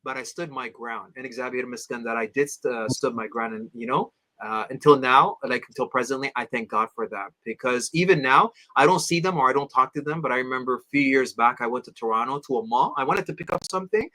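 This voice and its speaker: Lively, bright-voiced man telling stories. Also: fairly quick, few pauses. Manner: animated, acts out friends' voices with big pitch jumps; addresses host as "my beloved father". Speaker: interview guest. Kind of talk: storytelling in casual interview.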